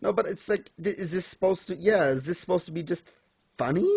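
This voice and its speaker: A man's voice: high voice, brisk, vocal fry, a little mellow, breathy edge, no room sound. A young man in casual chat, ranting in exasperation about a comic and mocking scenes in put-on voices. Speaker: podcast co-host reviewing manga.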